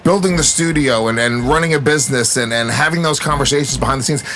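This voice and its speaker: A man as a guest in a casual podcast chat, loud, profane and emphatic as he riffs. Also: mid-range voice, fast, slight background noise.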